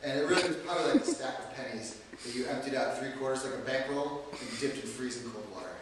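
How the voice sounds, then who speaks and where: A man's voice: mid-range voice, quick pace, background noise. A man telling a comic story to an audience, rambling and self-deprecating, with lots of fillers. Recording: echoey hall, distant mic.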